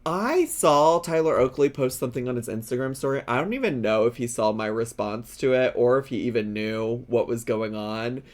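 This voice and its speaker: A man hosting a reaction video, giving casual, playful commentary with frequent giggles and drawn-out asides. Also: medium pitch, animated.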